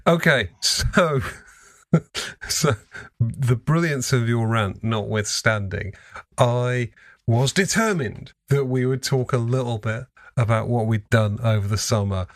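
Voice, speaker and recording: A man hosting a podcast in casual chat, hesitant with many fillers and quick to laugh. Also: mid-range voice, a bit bright, dry recording, clean studio sound. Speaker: podcast host.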